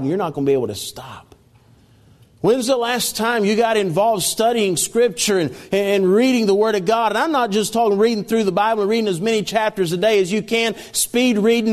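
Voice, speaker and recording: A man's voice: high voice, in a large hall. A man preaching a sermon, reading scripture aloud and repeating key phrases with emphasis.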